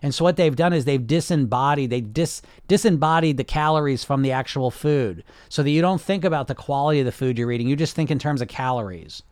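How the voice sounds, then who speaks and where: A man's voice: medium pitch, brisk, few pauses, a little mellow, clean tone, no room sound. Blunt, passionate man with a dry sound. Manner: blunt and passionate, swears, many restarts. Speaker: podcast host and weight loss coach. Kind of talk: casual unscripted podcast talk.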